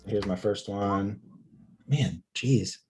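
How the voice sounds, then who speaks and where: A man playing in a tabletop game over an online call, chatting casually with relaxed, self-deprecating remarks. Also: lowish voice, takes it slowly, soft background music. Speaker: player. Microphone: online call microphone.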